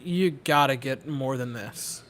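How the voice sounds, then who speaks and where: A young man chatting casually at a home watch party, giving a nervous, excitable running commentary on a baseball game. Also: medium pitch, a little slow, a little hiss or hum. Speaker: host. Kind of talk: casual chat.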